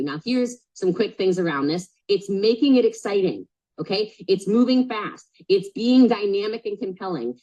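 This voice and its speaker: A woman's voice: mid-range voice, darkish tone, dull audio. A woman coaching a group live on a sales call, super direct and emphatic, repeating key points and checking in with frequent "okay?" questions. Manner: casual, swears, checks in with "okay?".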